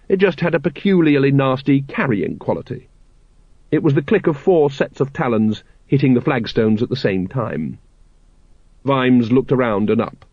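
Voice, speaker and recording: A man narrating an audiobook in an expressive, character-driven reading. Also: mid-range voice, husky, dry recording. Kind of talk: scripted narration. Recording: dull, lo-fi audiobook recording.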